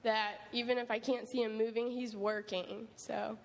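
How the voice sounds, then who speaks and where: A young woman, a camp counselor, giving an animated personal testimony full of quoted asides. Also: a little high, moderate pace. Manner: animated storytelling with many likes and quoted asides. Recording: echoey hall with faint ambient noise.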